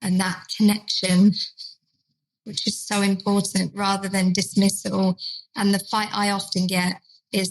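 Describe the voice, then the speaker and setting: A woman's voice: medium pitch, little pitch movement, unhurried, poor audio. A woman, a dementia trainer telling a care story in a podcast chat and acting out the quoted voices. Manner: acts out carers' and residents' lines in quoted voices.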